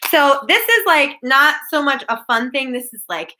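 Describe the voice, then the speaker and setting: A woman's voice: high voice, animated, normal speed, bright, forceful tone, rough recording. A woman teacher hosting a live online class Q&A, talking directly to her students by name.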